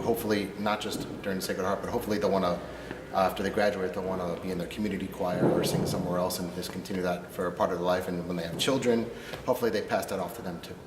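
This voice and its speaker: A man speaking as a choir director in an interview, thoughtful and pausing with many "uh"s. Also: deep voice. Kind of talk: interview soundbite. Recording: echoey hall, noisy background.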